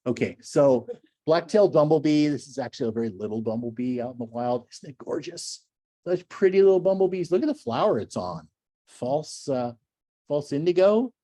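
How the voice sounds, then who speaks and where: Older male naturalist lecturer, chatty and enthusiastic, lively pitch, warm mellow voice. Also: dry recording, studio quality. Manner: enthusiastic, gushing, chatty asides. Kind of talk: slide talk to a club.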